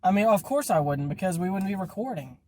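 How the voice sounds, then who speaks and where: A man's voice: high voice, lively intonation, fast talker. A man chatting casually from inside a moving car as podcast host, grumbling and swearing a lot. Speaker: podcast host, delivery driver. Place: inside a car while driving. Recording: loud car road noise. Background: car engine and road noise.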